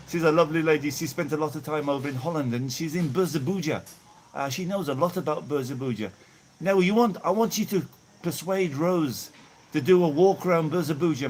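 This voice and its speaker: Outdoors in the heat, a middle-aged Birmingham man hosts a relaxed live chat, reading viewers' messages aloud and thanking each by name. His pitch is fairly high, with slight background noise.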